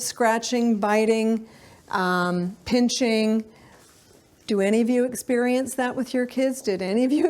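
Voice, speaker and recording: A woman's voice: fairly high pitch, darkish tone. A middle-aged woman giving a live parenting lecture to an audience, speaking conversationally with frequent fillers and sometimes acting out what children say.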